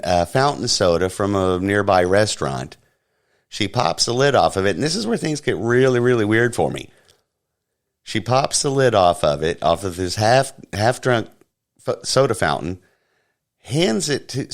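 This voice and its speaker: A man hosting a podcast, casually recounting an anecdote step by step. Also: low-pitched. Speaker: podcast host.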